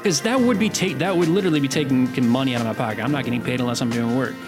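With music in the background, a man in his thirties co-hosts a casual podcast in a mid-range voice. He rambles, frequently halting and restarting his sentences.

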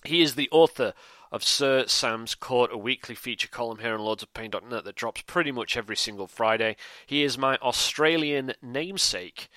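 A man's voice: medium pitch, normal speed, sharp tone, no room sound. A man hosting a podcast, talking in a chatty, rambling way. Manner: chatty, rambling, upbeat plugs. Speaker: podcast host. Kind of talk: casual podcast chat.

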